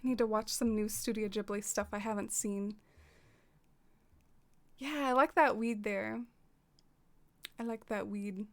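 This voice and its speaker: A soft-spoken woman streaming and chatting casually with her viewers. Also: mid-range voice, fairly even intonation, a little slow, pauses often. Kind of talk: casual livestream chat.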